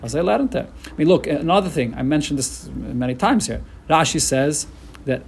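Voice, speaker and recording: A man giving a casual Talmud lecture, animated and emphatic, often restarting his phrases. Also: a little high, fairly quick, creaky, slightly rough. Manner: animated, emphatic, with many restarts and Hebrew-Yiddish terms. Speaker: Talmud teacher.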